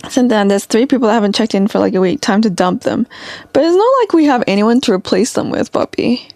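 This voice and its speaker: A young woman talks her way through a casual live stream from home. Her voice sits a little high and carries a gravelly fry. She rambles, leaning on filler words, and the sound is dry and close. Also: expressive, brisk, darkish tone, no room sound. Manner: chatty, rambling, many "like" fillers.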